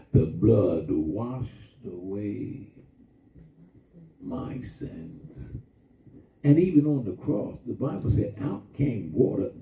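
Gravelly preacher heard through a tinny line. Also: male voice, on the low side. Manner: call-and-response preaching, shifts between slow emphasis and quick asides. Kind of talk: sermon. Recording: distant, echoey, phone-like sound from far off.

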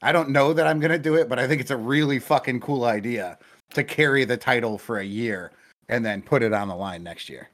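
A young man co-hosting a casual sports podcast, rambling and swearing as he gets excited. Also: medium pitch, a little fast. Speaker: podcast co-host. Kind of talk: casual chat.

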